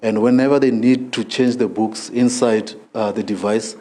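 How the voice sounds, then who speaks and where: A man, a librarian calmly explaining devices and programs in a news field interview. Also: medium pitch, moderate pace. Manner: plain explanatory, with restarts.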